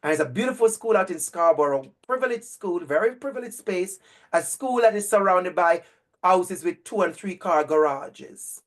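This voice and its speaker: A middle-aged male educator telling a story to an online audience over a video call, animated and emphatic, repeating phrases for effect. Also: high-pitched, normal speed. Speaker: educator and speaker.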